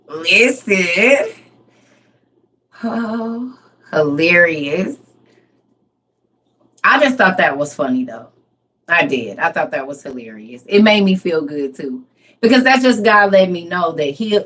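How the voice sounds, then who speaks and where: Woman chatting on her livestream, laughs a lot, talks back to comments, kinda low voice. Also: animated, normal speed. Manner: laughing, chatty, reads and answers comments by name. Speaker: livestream host. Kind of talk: casual livestream chat with viewers.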